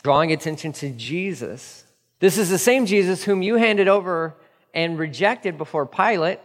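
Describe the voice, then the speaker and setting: Animated pastor preaching in a reverberant hall. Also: male voice, fairly high pitch. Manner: animated storytelling, acting out quoted voices with casual slang. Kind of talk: sermon. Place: church stage.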